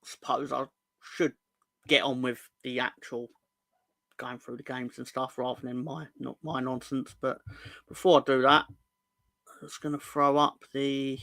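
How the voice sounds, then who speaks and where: Bright, chatty man. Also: medium pitch, level tone, a little slow, vocal fry, long pauses, dry recording. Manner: rambling, jokey, sweary banter with chat. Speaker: fan channel host. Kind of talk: casual live-stream chat.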